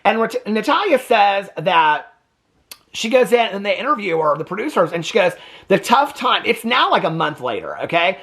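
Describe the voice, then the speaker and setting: Casting: male reaction host, lively swooping delivery, exasperated and chatty. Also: high-pitched, gravelly. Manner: animated, exasperated, talks in quick asides. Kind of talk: casual commentary recap.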